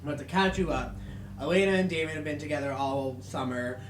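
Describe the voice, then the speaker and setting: A man's voice: fairly high pitch, fairly quick. A man recapping a TV episode in a rambling, filler-heavy, sweary way, acting out bits of dialogue. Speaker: video host recapping an episode. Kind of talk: casual recap vlog. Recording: roomy echo from a distant mic, faint music.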